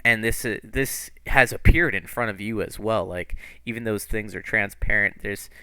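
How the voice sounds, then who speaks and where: A man's voice: on the low side, normal speed, bright, forceful tone, clear, resonant tone, no echo. A man narrating a tabletop game as game master, in a casual style full of fillers and swearing.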